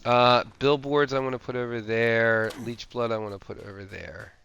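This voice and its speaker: A man's voice: mid-range voice, fairly even intonation, normal speed, gravelly, a bit bright, clean tone, highs cut off. A man streaming a survival game, casually thinking aloud with lots of fillers and restarts. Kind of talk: casual gameplay commentary.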